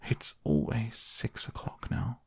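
Storybook hatter, mournful and argumentative, read by a man; slow, a shade lifted. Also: a little mellow, no echo, clean studio sound, close to an everyday voice.

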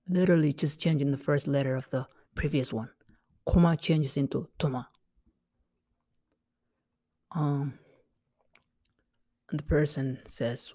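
A woman teaches a casual language lesson in a low, warm voice. She talks at an easy pace and repeats every phrase twice, so each one sticks. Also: fairly even intonation, unhurried, pauses often.

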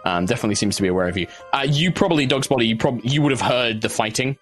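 A man narrating a tabletop game as game master, meandering and halting, with many fillers and restarts. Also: medium pitch, a bit bright, faint music behind.

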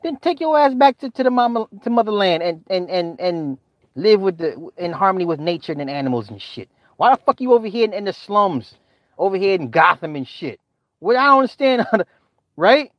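Hosting a livestream, a middle-aged man with a fairly high voice rants profanely at a moderate pace, exasperated, animated, and frequently laughing. The recording is close-miked and dry with no room sound, slightly dull in a modest lo-fi way.

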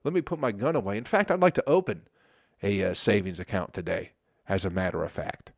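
A man's voice: fairly low pitch, a little fast, vocal fry, no echo, clean studio sound, voice pushed down. A man voicing an armed bank robber who turns mock-friendly and polite, in a comedy bit. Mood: surprised agreeable.

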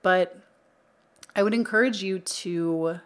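A woman's voice: fairly low pitch, takes it slowly. A young adult woman hosting a spiritual healing podcast, chatty and earnest, with frequent filler words, speaking into a microphone. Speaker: podcast host. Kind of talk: casual spiritual podcast talk. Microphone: studio microphone.

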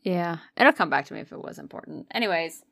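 A woman's voice: fairly low pitch, animated, fast, creaky, a bit bright, no echo, clean studio sound. A woman co-hosting a podcast, chatting casually with swearing and self-deprecating jokes. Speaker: podcast co-host. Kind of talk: casual chat.

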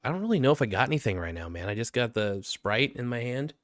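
A man's voice: medium pitch, lively intonation, fast talker, dry recording, studio quality. A young man hosting his own podcast, rambling through a joking, self-mocking monologue full of fillers. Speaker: podcast host.

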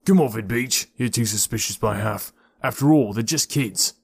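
Easygoing forest dweller, as a narrator does him, casual, dismissive, dry close sound. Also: male voice, lowish voice, normal speed, vocal fry, breathy edge, dry recording.

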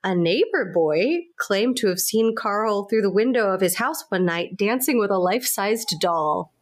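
A woman's voice: medium pitch, expressive, a little slow. A woman hosting a podcast, telling a true story in casual chat with plenty of fillers and build-up. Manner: hesitant, filler-heavy, builds suspense.

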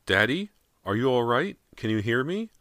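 A man's voice: deep voice, expressive, normal speed, bright, forceful tone, dry recording, studio quality. A man voicing a scared teenage girl who stammers in panic, in an audiobook.

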